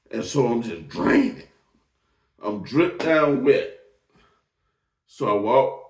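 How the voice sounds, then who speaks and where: A man, hosting and telling a personal testimony in an emotional, repetitive way. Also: mid-range voice. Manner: emotional, drawn-out storytelling with repeated phrases. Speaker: host. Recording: echoey room, voice from a distance off the mic.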